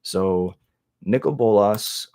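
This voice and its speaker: A man's voice: fairly low pitch, slow pace, dark tone. Rambling young man retelling game lore. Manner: loose, rambling, lots of fillers and restarts. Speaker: lore video creator.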